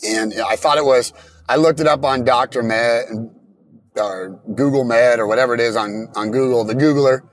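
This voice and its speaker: A man telling his own story in plain, halting casual talk, often restarting his sentences. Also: mid-range voice, no room sound.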